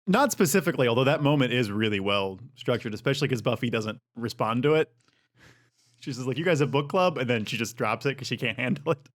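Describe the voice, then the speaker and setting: Playful man with a lively voice. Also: mid-range voice, quick pace. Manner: playful, joking. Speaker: podcast co-host. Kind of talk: casual chat.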